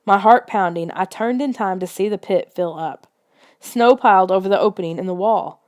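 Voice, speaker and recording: Lady reading a spooky kids book aloud, tense storytelling, medium pitch. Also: moderate pace, a little mellow, smooth. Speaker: audiobook reader. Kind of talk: scripted storybook narration.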